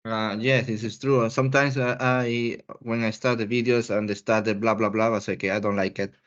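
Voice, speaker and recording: A man's voice: medium pitch, level tone, normal speed, lo-fi sound. A man taking part in a study group discussion, speaking hesitantly with many fillers. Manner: hesitant, many "uh" fillers, non-native phrasing.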